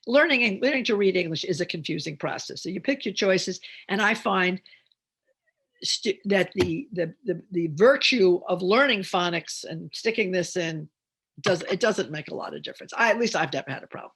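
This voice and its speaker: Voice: mid-range voice, expressive, normal speed, a bit bright, husky. A reading teacher giving an instructional talk on phonics, explaining step by step with chatty asides.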